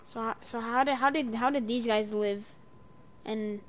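A young woman streaming a game, chatting casually, swearing and yelling in panic between low mutters. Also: steady tone, moderate pace. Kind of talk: casual gameplay chat.

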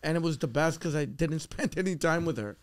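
A man's voice: on the high side, a little fast. A man, a comedian guest on a podcast, telling stories casually and calling people bro. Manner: storytelling, says bro a lot, laughs at his own bits. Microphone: studio mic.

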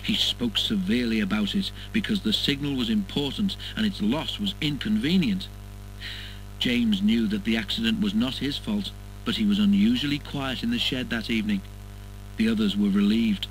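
A man reading a children's story aloud as narrator in a measured, even way. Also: fairly low pitch, slight background noise, poor audio.

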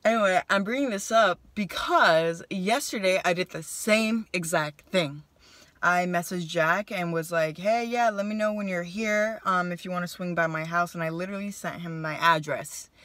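A young woman vlogger telling a casual story to the camera, chatty and animated, acting out what people said. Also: on the low side, moderate pace, dry recording. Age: young adult. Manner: animated, chatty, voices her own quotes. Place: car.

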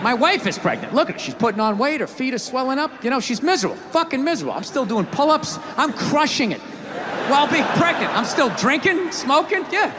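Middle-aged male stand-up comic, high-pitched, sharp-edged delivery, profane rant, hall reverb. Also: sing-song, fast talker, background noise. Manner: loud ranting, profane, yelling punchlines. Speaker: stand-up comedian.

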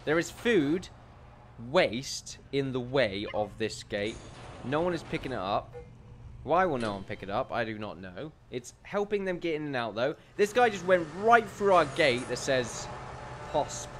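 A man giving rambling gameplay commentary, chatty and self-amused, who often laughs and calls his viewers ladies and gentlemen. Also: medium pitch, big pitch swings, moderate pace, slight background noise. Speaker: let's play commentator.

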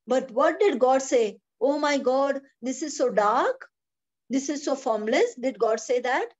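Woman, Bible teacher on a video call; high, insistent, repetitive, lo-fi sound. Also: animated, unhurried, darkish tone. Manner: emphatic, repeats phrases, asks rhetorical questions. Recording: dull lo-fi video call audio.

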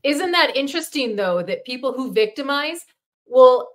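A woman co-hosts a casual conversation with a somewhat higher-pitched voice. She comments in a thoughtful, reflective manner, drawing out a point at an easy conversational pace. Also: expressive, moderate pace. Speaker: podcast co-host. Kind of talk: casual chat.

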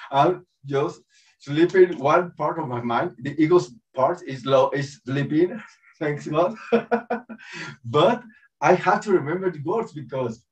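A man giving a spiritual talk with prayer, halting and searching for words in a second language, chuckling often between thoughts. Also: fairly high pitch. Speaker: spiritual teacher. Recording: dull, distant lo-fi call audio.

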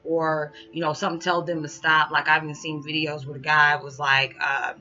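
A woman's voice: deep voice, little pitch movement, normal speed, sharp tone. A woman vlogging casually to her viewers, rambling with many fillers and calling them y'all. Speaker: spiritual vlogger. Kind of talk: casual direct-to-camera talk. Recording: muffled audio with background music.

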